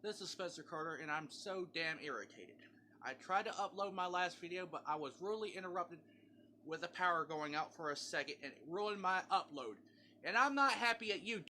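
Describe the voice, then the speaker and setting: A man's voice: a little high, pushed and bright, slight background noise. A man in an indignant, announcer-style video monologue, calling himself a shock jock. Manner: indignant, announcer-like sign-offs.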